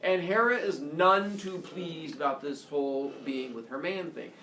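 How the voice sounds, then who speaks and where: A man's voice: a little high, measured pace. A man telling a myth to children in a goofy, playful way, full of silly asides. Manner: goofy, animated, jokey asides. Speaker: storyteller for children. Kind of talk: playful storytime narration. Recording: echoey room, distant mic, noisy.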